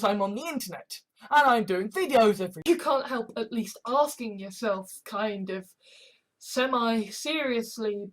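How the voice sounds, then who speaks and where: A woman vlogger talking casually to camera in a rambling, exasperated way, swearing freely. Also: mid-range voice. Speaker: YouTube vlogger. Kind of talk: casual vlog monologue.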